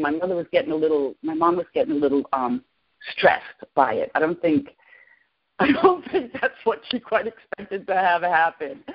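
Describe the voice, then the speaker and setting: A woman in her sixties, a podcast guest, excitedly and emotionally telling a personal story. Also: on the low side, quick pace, breathy edge. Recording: lo-fi podcast audio.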